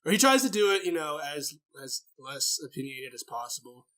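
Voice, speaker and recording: Young man, casual group chat, profane storyteller, a bit high-pitched. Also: very animated, a little fast, fairly bright tone. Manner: profane storyteller who acts out little scenes. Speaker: podcast co-host.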